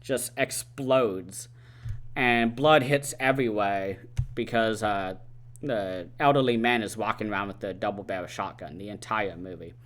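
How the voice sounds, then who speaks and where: A man's voice: fairly low pitch, measured pace, slight background noise. A man giving a casual, rambling spoiler recap of a film, full of "like" and "uh" as he retells scenes. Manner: rambling, animated retelling with many "like" and "uh" fillers. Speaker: movie reviewer.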